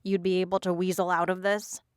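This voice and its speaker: A woman voices a cold teenage bully in a storybook who barks orders and sneers at everyone around her. Her voice is smooth and dry. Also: on the low side, little pitch movement, fairly quick, dry recording, close to an everyday voice. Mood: sneering. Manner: sneering, commanding. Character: bullying teen girl, cold and bossy.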